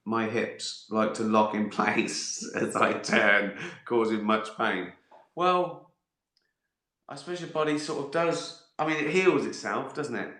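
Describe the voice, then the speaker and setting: Middle-aged male live-stream host, bright forceful voice, sweary and giggly, roomy echo. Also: mid-range voice. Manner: sweary, laughs often, acts out voices in asides. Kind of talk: casual live-stream chat reading viewer questions. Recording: echoey room.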